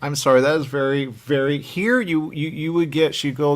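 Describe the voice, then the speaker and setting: Male interviewer, casual chat, rambling, animated, quotes himself. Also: a little high, a little fast.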